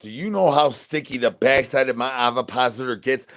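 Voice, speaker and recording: A man hosting a comedic livestream in a zombie persona, chanting sing-song rhyming nonsense, boasting crudely and begging loudly for brains. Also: mid-range voice, a little fast. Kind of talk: in-character comedic livestream chatter.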